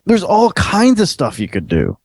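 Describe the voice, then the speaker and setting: A man hosting a fan podcast, talking excitedly and laughing often. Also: high voice, normal speed, no room sound, studio quality. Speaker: podcast host. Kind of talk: casual chat.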